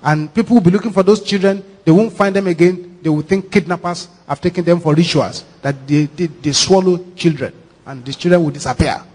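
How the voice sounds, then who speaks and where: A Nigerian man, a pastor, preaching a sermon with animated, repetitive, dramatic storytelling. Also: sits high, fairly quick. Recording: echoey hall reverb.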